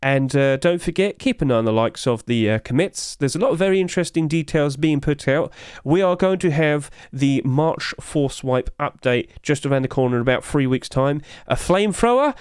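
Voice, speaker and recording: A man hosting a casual game skin review video, talking in a hurried, rapid-fire way and out of breath. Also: medium pitch, darkish tone, clear, resonant tone, no echo, clean studio sound. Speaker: YouTube host.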